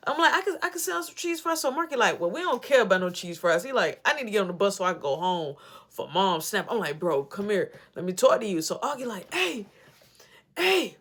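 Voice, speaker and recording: A woman's voice: medium pitch, very animated, a little fast, fairly bright tone. A woman telling a casual story, acting out both sides of the dialogue in a rambling, back-and-forth way. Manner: rambling retelling with many repeats of "I'm like".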